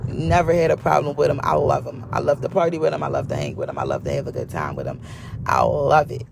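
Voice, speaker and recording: A woman's voice: sits low, animated, fast talker, gravelly, noisy background. A woman vlogger telling a story in a chatty, casual way, repeating phrases for emphasis.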